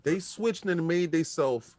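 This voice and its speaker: A man's voice: on the high side, slow pace, no echo. A man joking and telling stories in casual podcast banter. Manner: joking, animated, storytelling. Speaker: podcast co-host.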